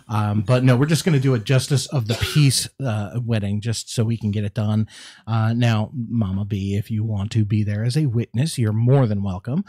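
A man's voice: lowish voice, moderate pace, warm tone. A man co-hosting a casual live craft stream, reading viewer comments and joking with a laugh.

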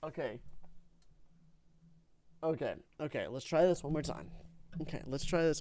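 A young man hosting a let's play video, talking through his game with excitable, melodramatic outbursts of frustration. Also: fairly high pitch, a little slow, long pauses, dry recording. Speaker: gaming video host. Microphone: own microphone, said.

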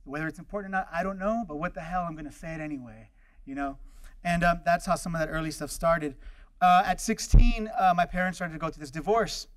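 Storytelling male lecturer, fairly high voice. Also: fast. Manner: anecdotal, acts out quoted voices, many fillers. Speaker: guest lecturer.

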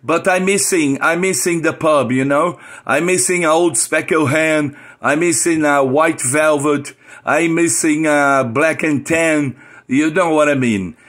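A man's voice: on the high side, measured pace, a bit bright. Older ham radio man. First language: Portuguese. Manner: friendly, repeats phrases, uses call-sign alphabet. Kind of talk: on-air amateur radio contact.

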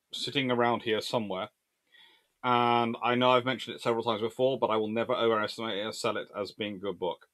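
A man hosting a live-stream history talk, reading out chat questions and answering with animated asides. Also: mid-range voice. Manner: animated, quick asides and laughs. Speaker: naval historian host.

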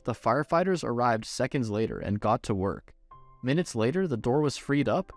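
A man reading a romance story aloud as first-person scripted narration. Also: medium pitch. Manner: expressive storytelling.

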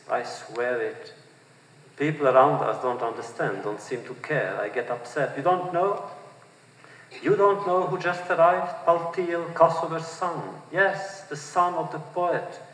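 Man reading his novel in a reverberant hall. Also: medium pitch. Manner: measured, expressive reading that lifts for quoted speech. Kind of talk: literary reading before an audience. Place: large auditorium. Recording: distant mic in a reverberant hall.

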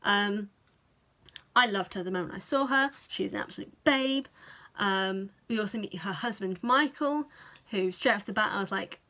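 A young woman with a British accent recaps a film for her vlog in an easy, chatty way. Her voice sits at an ordinary middle pitch, and she keeps the telling animated and unfiltered, swearing freely as she goes. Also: brisk. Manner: chatty and animated, swears freely, playfully acts out characters' reactions. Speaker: vlogger. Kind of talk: casual film review.

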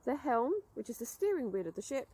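Lively woman teaching kids outdoors. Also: a little high, fairly quick, slightly rough. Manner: lively, upbeat, explaining to children. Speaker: outdoor learning presenter. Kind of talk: children's lesson presenting.

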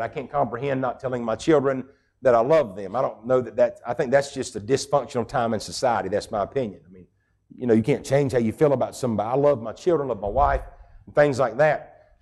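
A middle-aged pastor delivering a sermon in a folksy, emphatic way. His voice sits at an ordinary male pitch, and he leans on plain country sayings to drive his points home. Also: creaky, a little mellow. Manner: folksy, emphatic preaching with rural idioms.

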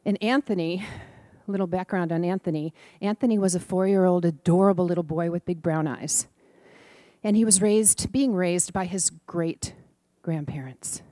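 Gentle woman telling a sermon story. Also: lowish voice, moderate pace, no echo, clean studio sound. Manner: gentle, affectionate, lively when quoting children. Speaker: speaker in a preaching class. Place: church or center hall.

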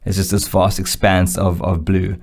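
A young man with a fairly low voice tells a story in an easygoing podcast chat. He is animated, acts out the lines of the people in his story, and laughs often. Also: moderate pace, creaky. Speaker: podcast co-host.

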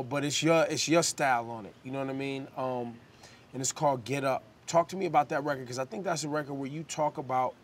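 A man hosting a casual interview, asking questions in a laid-back, slangy way. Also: a little high. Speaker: interviewer, music show host.

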